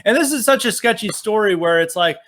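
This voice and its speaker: A man talking casually about politics, animated and sarcastic, with many fillers. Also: sits high, a little fast. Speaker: podcast guest.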